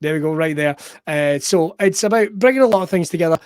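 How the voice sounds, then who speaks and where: A man's voice: on the high side, fast, darkish tone, clear, resonant tone, no echo, studio quality. A man with a Scottish accent hosting a podcast remotely, upbeat and jokey like a showman. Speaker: podcast host. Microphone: remote call.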